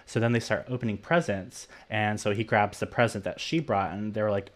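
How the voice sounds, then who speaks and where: On a podcast, a young male co-host casually recaps a horror movie plot, packing his retelling with "like" and acting out the characters' lines. His voice is lowish and steady in tone, and he talks a little fast.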